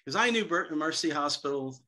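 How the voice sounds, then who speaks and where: A middle-aged man speaking as a seminar guest, telling lively anecdotes about selling to hospitals and acting out the dialogue. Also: fairly high pitch, brisk. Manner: lively storyteller, acts out quoted dialogue.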